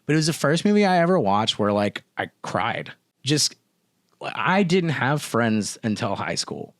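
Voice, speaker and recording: A man's voice: medium pitch, very animated, measured pace, no room sound. A young man co-hosting a horror podcast, chatting casually, rambling emotionally and swearing. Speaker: podcast co-host. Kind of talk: casual chat.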